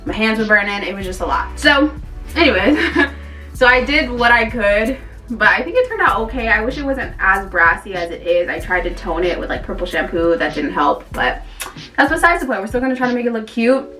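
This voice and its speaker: A woman's voice: fairly high pitch, animated, fairly quick, sharp tone, recorded from a distance, faint music behind. A woman chatting casually to camera as a beauty vlogger, rambling with lots of fillers.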